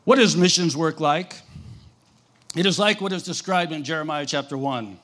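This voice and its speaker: A man's voice: a little high, moderate pace, fairly bright tone. A man preaching as a missionary, telling a story to his audience with dramatic flair and frequent questions to them. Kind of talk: animated sermon storytelling.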